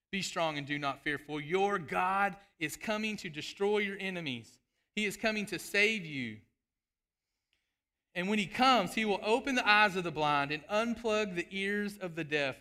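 A man's voice: high-pitched, sharp tone. A man preaching a sermon, fervent and emphatic, calling out to the congregation.

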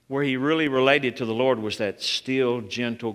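A pastor preaches a sermon in a church sanctuary, rising loud and high on key points, then dropping soft and low for quiet moments, and calling out to the congregation. His tone is steady at a moderate pace with few pauses, and long hall reverb fills the recording.

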